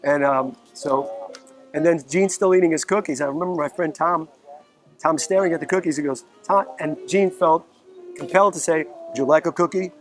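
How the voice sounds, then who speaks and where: Faint music plays behind a man with a fairly high pitch speaking at normal speed. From the Bronx, New York, he's a musician guest telling casual, profane stories outdoors in a park, animatedly acting out the quotes.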